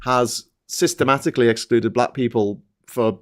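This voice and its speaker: A British man co-hosting a live online chat show, talking loosely with many restarts and quick laughs. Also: medium pitch. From United Kingdom. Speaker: co-host.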